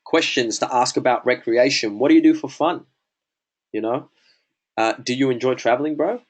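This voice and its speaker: A man's voice: mid-range voice, moderate pace. A man giving a casual sales lesson, chatty and full of "bro" and "man", acting out sample conversations. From Australia. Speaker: sales coach. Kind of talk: casual teaching talk.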